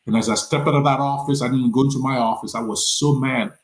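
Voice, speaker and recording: A man's voice: mid-range voice, fairly even intonation, fast, rough recording. A man from Nigeria, a podcast guest telling his own story in earnest and often repeating words as he goes. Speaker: podcast guest, nonprofit founder. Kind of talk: personal storytelling in a conversation.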